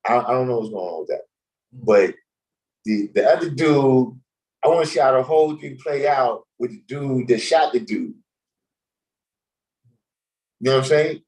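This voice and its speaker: A man hosting a casual livestream chat, telling stories in an animated, slangy way and laughing often. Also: mid-range voice, normal speed, long pauses, low-quality recording. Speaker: host.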